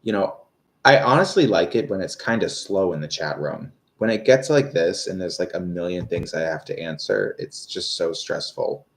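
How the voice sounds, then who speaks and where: A man's voice: sits low, expressive, normal speed. A man in his thirties giving live-stream tarot readings, rambling and hesitant with many fillers. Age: 30s. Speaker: tarot reader.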